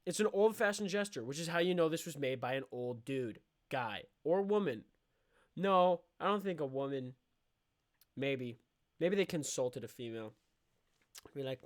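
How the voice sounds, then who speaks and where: Young guy ranting sarcastically on his podcast, slightly high voice, loose and rambling. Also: big pitch swings, normal speed. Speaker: podcast host. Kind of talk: comedic podcast monologue.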